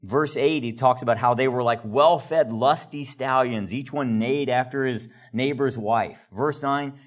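A man leading a conversational Bible study, explaining verses in a relaxed way with chatty asides. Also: medium pitch, unhurried, hardly any pauses.

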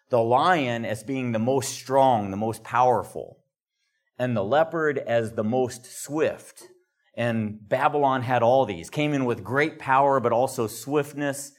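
Man teaching scripture, chatty. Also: medium pitch. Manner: relaxed and explanatory, with chatty asides. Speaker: Bible study teacher. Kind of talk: conversational Bible teaching.

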